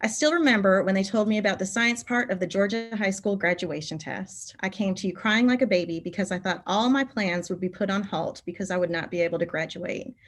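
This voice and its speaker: Middle-aged teacher lady giving a keynote, animated, heartfelt stories, normal mid pitch. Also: fairly quick, few pauses. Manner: animated, emotional storytelling, voice rising when moved. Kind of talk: conference keynote storytelling.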